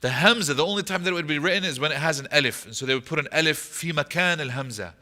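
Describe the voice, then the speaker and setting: A man's voice: on the high side, racing, pushed and bright. A man teaching a mosque class on a Quran chapter, explaining patiently, asking the audience questions and reciting short Arabic passages. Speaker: imam teaching Quran commentary. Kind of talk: lecture to an audience.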